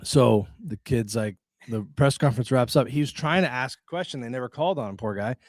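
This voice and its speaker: A man's voice: medium pitch, a little fast, dry recording, studio quality. A man hosting a casual sports podcast and telling stories in a chatty way. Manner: chatty storyteller. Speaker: podcast host.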